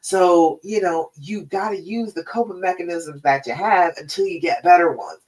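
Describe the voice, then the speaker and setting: A relationship coach hosts a live stream in an easygoing, chatty manner, often checking in with a quick "all right?" Her voice is lowish and darkish, and she sits back, far from the mic. The audio quality is poor.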